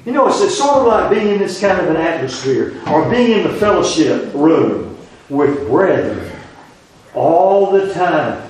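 A man's voice: fairly high pitch, darkish tone. A man preaching a sermon in a small rural church, stretching key words and rising on emphatic questions. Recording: echoey church room, distant mic, faint hiss.

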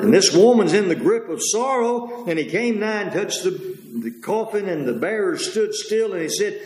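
A man preaching a sermon in a rambling way, pausing on fillers and correcting himself as he goes. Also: sits high, sing-song, darkish tone, reverberant, low-quality recording.

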